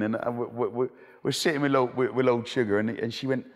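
A man's voice: mid-range voice, fairly even intonation, fast. A man as a guest speaker, telling stories in a chatty, plain-spoken way and laughing often. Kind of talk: storytelling. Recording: long hall reverb.

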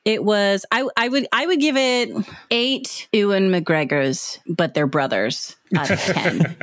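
A woman's voice: medium pitch, fairly bright tone, dry recording, studio quality. A young woman co-hosting a podcast, chatting casually and teasing in a jokey way. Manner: teasing, laughing, slow and jokey. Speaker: podcast co-host. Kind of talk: casual chat.

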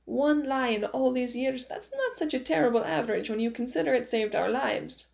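A woman's voice: high voice, lively intonation, normal speed, creaky, full character voice. A woman reading aloud, voicing a proud Spanish swordsman who gives urgent, clipped commands. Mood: apologetic.

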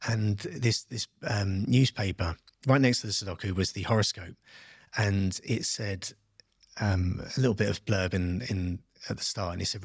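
A lowish, husky voice at a moderate pace belongs to a man in his thirties from England, an entrepreneur appearing as a podcast guest. Animated throughout, he tells his life story in a relaxed interview and acts out what other people said. The audio is dry and studio quality.

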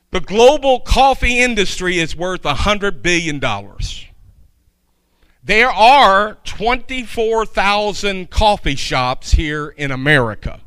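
A man's voice: high-pitched, sharp tone, smooth, no echo. A man preaching a sermon in a folksy, chatty way, with asides to his congregation.

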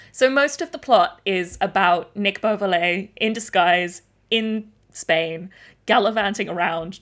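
A woman's voice: medium pitch, a bit bright. A woman co-hosting a casual book discussion, explaining the plot enthusiastically and laughing now and then. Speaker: podcast co-host.

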